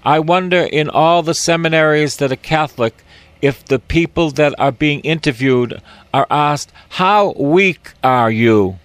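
A man's voice: on the high side, moderate pace, clean tone, no room sound. An older man, a priest, giving a folksy, emphatic Bible teaching and repeating key phrases.

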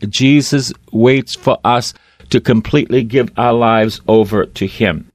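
Man, preacher, slow emphatic sermon, repeats lines, dry close sound. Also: medium pitch, no echo.

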